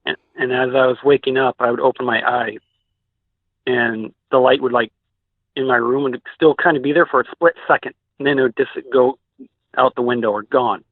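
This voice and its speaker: A man's voice: mid-range voice, steady tone, moderate pace, dry recording. Man, Pacific Northwest accent, rambling storyteller, tinny phone line. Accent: Pacific Northwest American. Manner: rambling, many likes and restarts. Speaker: guest recounting a sighting. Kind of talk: casual interview storytelling.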